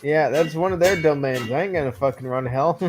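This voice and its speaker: A man with a fairly high voice, chatting loosely as he plays, quick to swear, joke and laugh. Game music sits faintly behind him at the desk mic. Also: expressive. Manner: profane, joking, laughs often. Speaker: gamer streaming his play. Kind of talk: casual gaming chatter.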